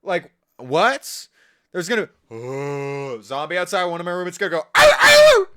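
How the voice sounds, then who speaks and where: A man's voice: on the high side, animated, moderate pace, a bit bright, smooth. A man live-streaming, reacting in a casual, profane, incredulous and mocking way. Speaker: livestreamer.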